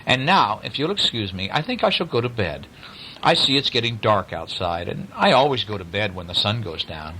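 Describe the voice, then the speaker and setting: A man voicing a gentle, polite little female songbird with a soft, musical way of speaking. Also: lowish voice, big pitch swings, normal speed, slight background noise, exaggerated voice, poor audio.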